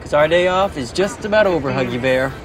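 A man's voice: on the high side, animated, a little fast, natural voice, poor audio. An actor playing a laid-back young man who teases his best friend in an easygoing way, over music. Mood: joking. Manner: easygoing, teasing.

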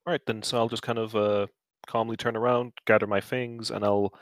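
A man's voice: on the low side, little pitch movement, a little fast, dry recording. A man playing a tabletop game, speaking hesitantly with stammers and restarts. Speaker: player.

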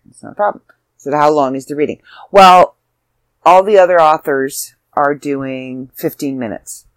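A woman's voice: low voice, steady tone, normal speed, no room sound. A woman, hosting her own podcast as an author, chatty and self-deprecating, sounding tired. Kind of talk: casual solo podcast chat.

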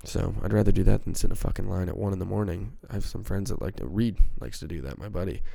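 Gravelly low-voiced man rambling on a podcast. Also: fast talker, dark tone, no echo. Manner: rambling, profane, self-mocking. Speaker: podcast host. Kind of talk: casual solo podcast chat. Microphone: handheld microphone.

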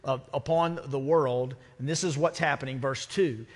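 A man's voice: medium pitch, steady tone, moderate pace, few pauses. A man preaching a sermon as pastor, conversational and full of rhetorical questions. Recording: church sanctuary with long reverb.

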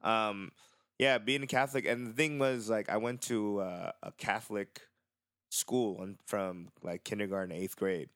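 A man's voice: lowish voice, fairly even intonation, normal speed, a bit bright, no echo, studio quality. A man in casual chat, hesitant and searching for words.

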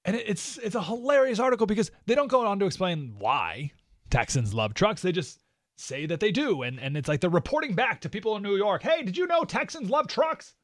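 A man hosting a talk radio show, delivering an opinionated monologue in an animated, sarcastic way with mocking asides. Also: high-pitched, brisk, no room sound, studio quality.

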